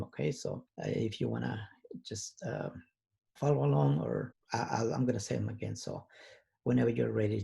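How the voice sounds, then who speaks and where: A man teaching an online language lesson, talking patiently and haltingly with many pauses and fillers. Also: mid-range voice, gravelly, mellow, breathy edge.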